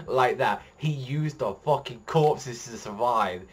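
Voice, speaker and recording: A man giving excited, rambling commentary as a reaction video host, swearing heavily as he talks. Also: mid-range voice, slow pace, few pauses, husky. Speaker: manga reaction youtuber. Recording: faint music behind voice.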